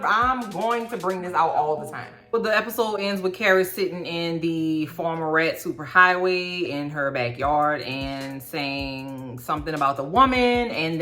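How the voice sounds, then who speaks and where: A middle-aged woman giving a sassy, animated TV recap into her phone, often yelling for emphasis. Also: low voice. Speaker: TV recap vlogger. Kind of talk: casual TV recap commentary.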